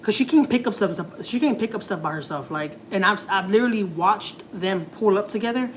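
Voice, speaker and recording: A woman's voice: medium pitch, expressive, a little fast, a little hiss or hum, rough recording. A woman family vlogger telling a story casually to her viewers, rambling and confiding, full of "like" and "you know". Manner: rambling, heavy use of filler words like "like" and "you know"; emotional, confiding.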